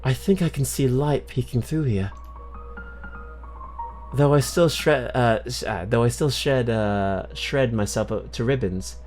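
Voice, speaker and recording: A man's voice: medium pitch, unhurried, a little mellow, faint music behind, close to an everyday voice. A man voicing Alice, a young woman, with a put-on British accent, talking to herself as he reads game text in character. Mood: puzzled. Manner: mock-British, talks to herself.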